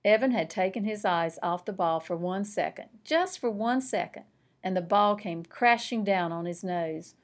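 A woman, a school principal, reading a children's novel aloud with expressive, lively storytelling. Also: medium pitch, moderate pace.

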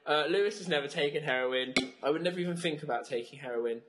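A man in his twenties with a Southern English accent, co-hosting a student radio show with quick, teasing comic banter. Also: fairly high pitch, background noise. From South of England.

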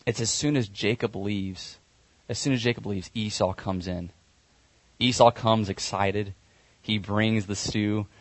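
Low-voiced man retelling a Bible story. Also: no echo. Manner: conversational storytelling with fillers and self-corrections. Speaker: preacher.

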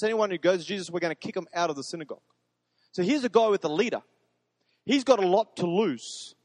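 A man's voice: high voice, no echo, clean studio sound, long reverb tail. A man, a pastor preaching a sermon in an earnest, emphatic way that repeats phrases for stress.

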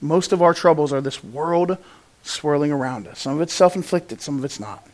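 A man preaching a sermon to his congregation, moving between raised, emphatic passages and quiet, hushed ones, and acting out the lines he quotes. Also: fairly high pitch, normal speed. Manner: animated, swings from loud to hushed, acts out quotes. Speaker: pastor.

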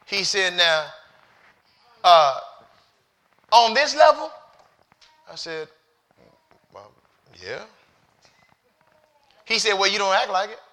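A male pastor preaching a sermon, moving from hushed, halting storytelling to loud, shouted exhortation. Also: high-pitched. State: near tears.

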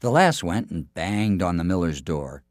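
A man narrating a folk tale expressively, dropping to hushed tones at times. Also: low-pitched, animated, measured pace, dry recording, studio quality. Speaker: storyteller.

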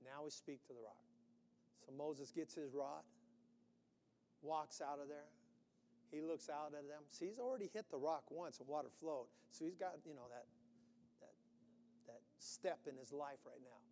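A man preaching a sermon, animated, acting out quotes with sudden loud bursts. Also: fairly high pitch, normal speed, pauses often, big-room sound, slight background noise. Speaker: pastor.

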